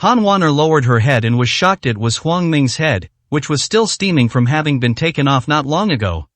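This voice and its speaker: Man narrating a story, slightly high. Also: very animated, normal speed, a bit bright, dry recording.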